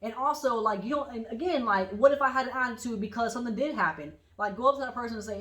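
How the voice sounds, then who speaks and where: Bright-voiced woman chatting in an echoey room. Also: on the high side, fast talker, hardly any pauses. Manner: animated storytelling, acts out quotes. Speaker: podcast co-host. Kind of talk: casual chat.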